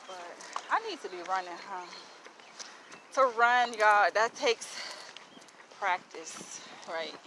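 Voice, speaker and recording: A woman's voice: medium pitch, sharp tone, rough recording. A woman talking to her viewers while walking outdoors, chatty and blunt, calling them y'all. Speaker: vlogger. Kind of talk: casual walking vlog. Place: outdoors on a city walk. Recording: outdoor street noise.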